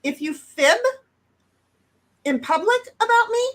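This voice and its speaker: Casual livestream co-host, woman, high voice, brash, swears, sudden loud bursts. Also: lively intonation, takes it slowly. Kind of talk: casual chat.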